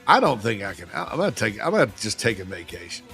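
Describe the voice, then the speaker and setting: Gravelly bright-voiced male sports host. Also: on the low side, big pitch swings, soft background music. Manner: chatty and joking, quick asides. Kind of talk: casual sports talk.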